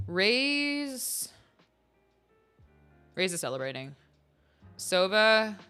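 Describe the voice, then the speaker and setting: A woman's voice: lowish voice, sharp tone, clear, resonant tone. A woman host chatting casually on a livestream, rambling and giggling with many fillers.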